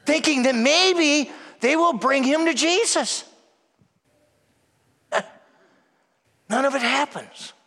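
Guy preaching a sermon, high bright voice, long church echo, goes big then drops to a hush. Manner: dramatic shifts from loud to hushed, acts out voices. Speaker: preacher at Mass.

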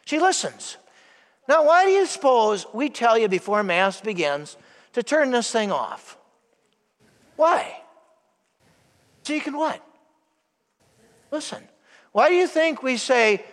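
A man's voice: extremely high pitch, very animated, a little slow, long pauses. A male priest giving a sermon in a church, emphatic and asking the congregation rhetorical questions. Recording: long church reverb.

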